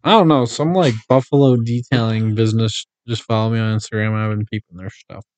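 A man chatting as a guest on a casual podcast, mostly giving short, low-key answers. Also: fairly even intonation, a little fast, darkish tone.

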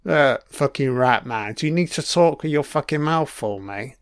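Watching a TV series, a man delivers casual, profane commentary, chatting and reacting to the screen as he goes. His medium-pitched voice is lively, moderately paced and clean, with clean studio sound and no echo.

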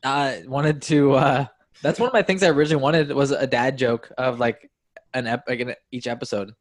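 A man's voice: mid-range voice, fairly even intonation, normal speed. A man hosting a podcast on a headset over a video call, easygoing and laughing often in casual chat. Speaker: podcast host.

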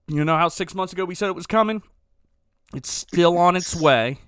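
A man's voice: on the high side, brisk, fairly bright tone, clear, resonant tone, dry recording, studio quality. A man hosting a comedy podcast, retelling a movie plot in a rambling, sarcastic way and often correcting himself.

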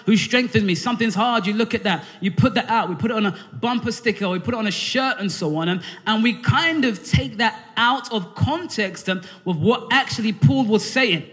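A male preacher delivers a sermon in a church, talking in a loose, conversational way and calling out to the congregation. His voice sits high for a man, and long reverb trails each phrase through the room. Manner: energetic call-and-response preaching; conversational, with frequent fillers and restarts. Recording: hall reverb.

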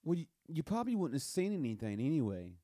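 A man's voice: on the high side, very animated, fast, warm tone, no echo, clean studio sound. A man chatting casually with friends, joking crudely and laughing often. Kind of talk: casual chat.

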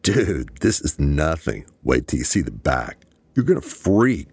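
A male narrator voicing a brash, crude, excitable grown man who loves gambling and partying. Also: rumbling low, moderate pace, vocal fry, no echo, full character voice. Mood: boastful.

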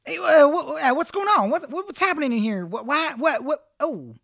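A woman's voice: high voice, lively intonation, brisk, vocal fry, no room sound, studio quality, pitched above the performer's own voice. A woman voicing a nervous young man who stammers, trails off and pleads, in a tabletop role-play game. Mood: flustered. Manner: stammering, flustered, rambling.

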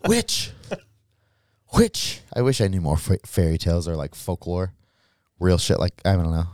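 A man's voice: sits low, a little fast, no room sound, studio quality. A man co-hosting a podcast, chatting casually with frequent swearing and jokes. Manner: swearing, animated, jokey. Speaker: podcast host. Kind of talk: casual chat.

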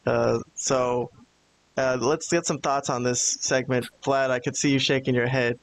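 A man's voice: mid-range voice, steady tone, measured pace, vocal fry, dry recording. A man hosting a podcast in casual chat, recounting events with fillers and steering the discussion. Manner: storytelling, hesitant fillers, steers the talk. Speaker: podcast host.

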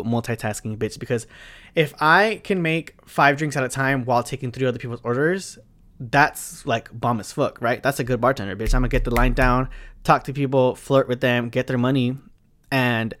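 A man's voice: medium pitch, a bit bright. Frank, chatty man swearing through bartending tips. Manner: frank, chatty, swears freely, many asides. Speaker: bartender sharing advice. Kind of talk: casual monologue vlog.

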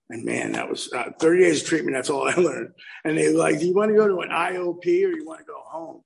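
A man's voice: a little high, fast talker, creaky, low-quality recording. A man in his fifties telling his recovery story at a meeting, acting out the quotes with lots of animation. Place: meeting room.

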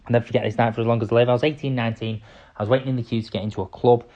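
A man in his twenties hosting his own podcast, talking earnestly and directly, swinging between quiet asides and emphatic bursts. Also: mid-range voice, fairly even intonation, rapid-fire. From England. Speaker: podcast host. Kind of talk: solo podcast talk. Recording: slightly dull lo-fi sound.

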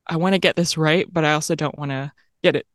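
A woman's voice: deep voice, fairly even intonation, quick pace, no room sound. A woman from Tennessee co-hosting a poetry podcast, chatting casually with fillers and laughter. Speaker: podcast co-host. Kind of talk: casual chat about poetry.

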